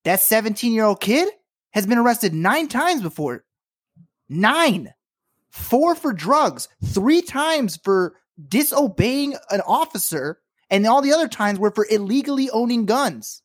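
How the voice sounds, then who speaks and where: A woman's voice: fairly high pitch, very animated, unhurried. A woman co-hosting a podcast, ranting in casual chat with angry, profane, emotional force. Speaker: podcast co-host.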